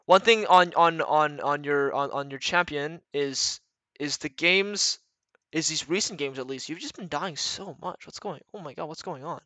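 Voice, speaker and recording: Male streamer-coach, sharp bright voice, blunt and rambling, swears freely. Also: a little high, moderate pace, dry recording. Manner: blunt, profane, rambling with restarts. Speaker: retired pro gamer coaching viewers. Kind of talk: casual livestream coaching talk.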